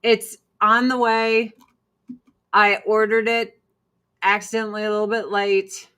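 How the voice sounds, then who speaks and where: A woman's voice: mid-range voice, level tone, measured pace, sharp tone, clean tone. A woman in her forties chatting casually to her viewers, blunt and profane, breaking off to scold and coo at her cats. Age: 40s. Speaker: vlog host. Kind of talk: casual livestream chat.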